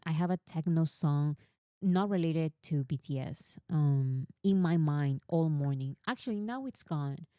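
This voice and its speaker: A woman's voice: deep voice, no echo, studio quality. Chatty woman streaming fan commentary. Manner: chatty, animated, reads quotes aloud. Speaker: live streamer.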